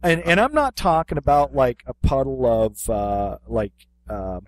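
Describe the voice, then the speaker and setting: This podcast co-host, a martial arts instructor, tells a funny story in loose, casual conversation, full of fillers and false starts. His voice is medium in pitch and his pace measured, with no echo.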